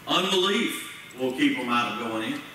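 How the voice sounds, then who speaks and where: In a church sanctuary, a male pastor with a mid-range voice preaches in a folksy, plain-spoken way, using Southern-style grammar and asking the congregation questions. He speaks at a normal speed with lively intonation and a sharp tone. The recording is echoey and distant, with faint noise.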